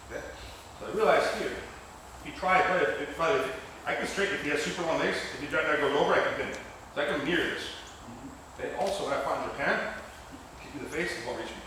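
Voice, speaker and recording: A man's voice: a little high, sharp tone, a little hiss or hum. A man teaching grappling technique while telling a rambling, profane story, laughing often. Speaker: grappling instructor. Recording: very echoey gym, mic far off.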